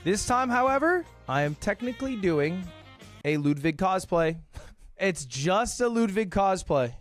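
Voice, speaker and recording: Animated joking male streamer. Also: sits high, a little slow, soft background music. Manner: animated, jokey, swearing. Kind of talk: casual stream chat. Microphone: desk microphone.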